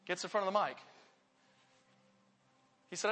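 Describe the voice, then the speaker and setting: A man preaching a sermon to his church, telling stories with earnest, animated delivery. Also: high-pitched, measured pace, in a large hall. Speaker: pastor.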